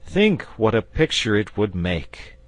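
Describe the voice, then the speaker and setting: A man's voice: fairly low pitch, sing-song, a little slow, no room sound, pitched above the performer's own voice. A man voicing a confident, patient male knight who speaks persuasively and earnestly.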